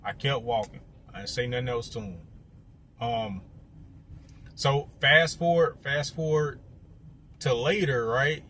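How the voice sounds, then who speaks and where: Unhurried and given to long pauses, a young man with a medium-pitched, bright, forceful voice tells a story to his viewers. He's casual and conversational, often speaking to them directly with many fillers, and slight background noise is present.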